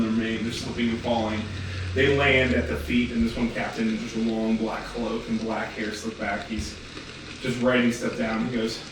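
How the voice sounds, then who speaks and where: A man narrating as game master of a tabletop role-playing game, describing scenes loosely and casually. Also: medium pitch. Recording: echoey room, distant mic, noisy.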